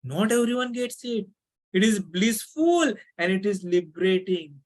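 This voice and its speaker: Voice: mid-range voice, lively intonation, unhurried, darkish tone. A devotional teacher giving a scripture lesson, chanting Sanskrit verses and then explaining them earnestly, repeating key words for emphasis.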